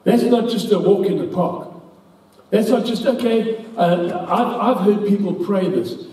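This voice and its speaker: A man's voice: fairly high pitch, normal speed, warm tone, slight background noise. A man with a South African English accent preaching an earnest, emphatic sermon, quoting scripture at length. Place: church hall. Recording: echoey hall from far off.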